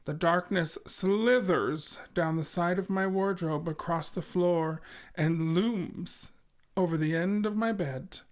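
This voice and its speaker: A woman with a lowish voice co-hosts a casual podcast. She reads listener stories aloud and drops dry, joking asides between passages. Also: slow pace. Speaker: podcast co-host.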